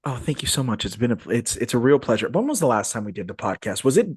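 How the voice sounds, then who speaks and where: A man hosting a podcast in casual, animated chat, full of fillers and restarts, over a video call. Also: medium pitch, fast, breathy edge. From Phoenix, Arizona area. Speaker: podcast host. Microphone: video call podcast mic.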